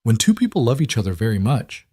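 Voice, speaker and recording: A man voicing a caring wife and mother who speaks calmly and reassuringly. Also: mid-range voice, quick pace, breathy edge, no echo, clean studio sound. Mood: loving. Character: adult woman, warm wife and mother.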